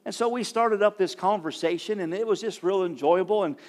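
Middle-aged man, higher pitch, animated casual storyteller. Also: a little fast. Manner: animated, builds excitement, quotes others. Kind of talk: casual anecdote to an audience.

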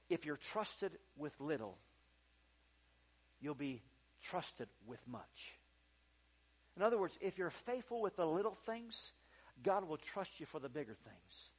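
A male pastor delivers a sermon in a high-pitched voice. He tells a story with lively, acted-out quotes and builds to emphatic peaks. The recording sounds slightly dull and lo-fi. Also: breathy edge.

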